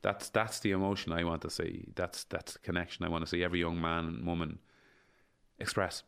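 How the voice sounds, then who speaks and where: Guy in his 40s, low gravelly voice, repeats stuff for emphasis, swears a lot. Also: flat delivery, a little fast, fairly bright tone. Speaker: interview guest. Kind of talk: casual conversational interview.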